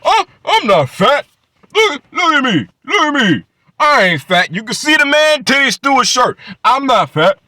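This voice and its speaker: A whiny, touchy heavyset man who insists over and over in a shrill, high, bright voice, pitching up at every complaint, as a man mocks him. The tone stays indignant and defensive throughout, and it sounds close to the mic in a dry room. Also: sing-song, a little slow, dry recording, exaggerated voice. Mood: indignant whining.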